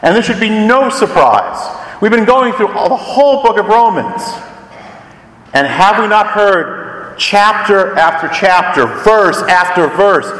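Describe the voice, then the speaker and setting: A man's voice: high-pitched, animated, measured pace, fairly bright tone. A man preaching a sermon as pastor, explaining scripture with rhetorical questions and reading verses aloud. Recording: echoey hall, voice from a distance.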